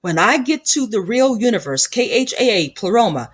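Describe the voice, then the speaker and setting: A woman's voice: fairly high pitch, very animated, normal speed, slightly rough. A woman hosting a spiritual podcast, speaking in a scornful, preachy monologue with emphatic repetition and a Black lilt. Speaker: podcast host.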